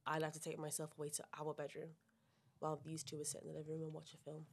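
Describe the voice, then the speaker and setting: A woman's voice: low voice, completely flat delivery, quick pace, slight background noise. A young woman on a podcast, talking bluntly and indignantly about her sister's ex. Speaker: podcast guest. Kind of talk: casual chat.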